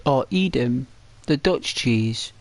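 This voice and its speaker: A man chats to his viewers while he plays a video game. His voice sits at an ordinary middle pitch, and he rambles from one thought to the next with plenty of fillers and restarts. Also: animated, takes it slowly, vocal fry, dry recording. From Britain. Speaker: gaming streamer. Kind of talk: casual chat to viewers while playing.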